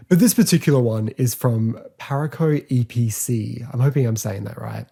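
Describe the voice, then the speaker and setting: Mellow, chatty man hosting a podcast. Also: mid-range voice, vocal fry, breathy edge. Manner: chatty, rambling, filler-heavy, quick to laugh. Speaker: podcast host. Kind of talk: casual solo podcast review.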